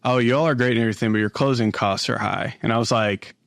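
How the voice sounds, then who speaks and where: A man's voice: medium pitch, fairly even intonation, fast, vocal fry, a bit bright, dry recording, studio quality. A young man, a mortgage lender, talks as a guest in a casual podcast interview, telling a story about a call and quoting both himself and the other person.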